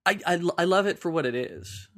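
A man's voice: sits high, expressive, a little fast, a bit bright. A man co-hosting a podcast, talking about films thoughtfully and stammering as he starts his sentences. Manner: stammers on openings, thoughtful and explanatory. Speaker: podcast co-host. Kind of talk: casual film chat.

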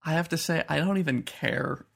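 A man co-hosting a podcast, reviewing a TV show in casual chat with measured, skeptical remarks. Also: a little high, vocal fry. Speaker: podcast co-host.

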